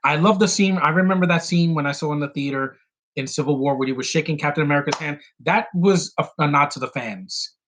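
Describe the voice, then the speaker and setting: A man hosting a casual solo film podcast, rambling excitedly with many restarts and quick bits of mimicry. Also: fairly high pitch, a little hiss or hum. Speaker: podcast host reviewing a film.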